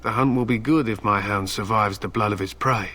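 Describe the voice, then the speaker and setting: A man's voice: fairly low pitch, brisk, pushed and bright. An actor voicing a stern, proud male warrior and hound handler in video game dialogue, telling old tales solemnly and threatening bluntly.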